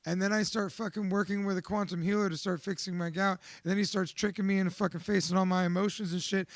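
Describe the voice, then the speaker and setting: A man giving a raw, profane, confessional account of his fears, swinging between quiet reflection and shouting. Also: high voice, steady tone, fast talker, dry recording, clean studio sound. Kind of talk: emotional personal testimony.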